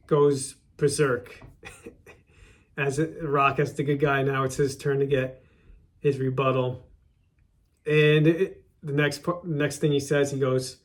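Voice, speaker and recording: A man's voice: medium pitch, level tone, takes it slowly. A man hosting his own show, casually recapping a favorite wrestling segment, often repeating and restarting his words.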